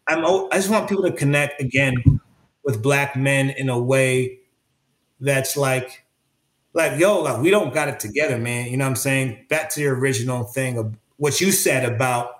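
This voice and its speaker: A man talks earnestly as a guest in an interview, circling back and restarting as he searches for the right words. His voice is mid-pitched. The room around him gives a noticeable echo. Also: fairly bright tone. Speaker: interview guest, creative artist. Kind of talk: reflective conversational interview. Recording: roomy echo.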